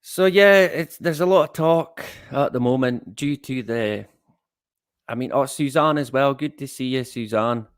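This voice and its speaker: A middle-aged man hosts a livestream in an unhurried, rambling way. He drifts between thoughts and laughs softly at his own asides. His voice is close and dry, with no room sound around it. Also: mid-range voice, clean tone, no echo. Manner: rambling and chatty, greets viewers, chuckles at his own jokes. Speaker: livestream host. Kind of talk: casual livestream chat.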